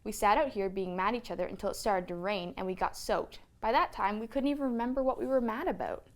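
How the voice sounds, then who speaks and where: A woman voicing a thoughtful young girl bear cub in a storybook reading, gentle and reasonable. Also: mid-range voice, quick pace, lightly acted.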